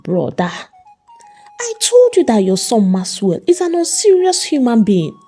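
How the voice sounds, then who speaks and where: A woman's voice: fairly high pitch, sing-song, measured pace, dark tone, soft background music. A woman voicing a scornful, angry middle-aged uncle. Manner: scornful, scolding.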